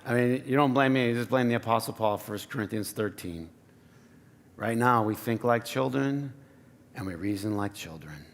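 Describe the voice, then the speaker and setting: A man's voice: mid-range voice, normal speed. A man preaching a sermon to his congregation in a conversational, playful way, often asking the room questions. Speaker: pastor. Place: church sanctuary.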